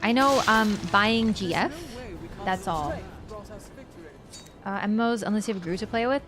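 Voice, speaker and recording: A young woman chatting casually with viewers while livestreaming a game, excitable and reacting out loud. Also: medium pitch, moderate pace. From Canada. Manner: excitable, reacts aloud to gameplay and chats with viewers. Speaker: streamer. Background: game music.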